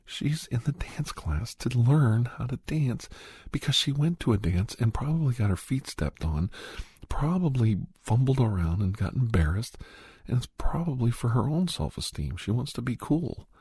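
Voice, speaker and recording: A very husky, gravelly man speaks low and close in a whispered role-play. He plays a counselor who rambles and coaxes in a half-whisper. The sound is dry and close to the mic. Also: very animated, moderate pace, dark tone, dry recording.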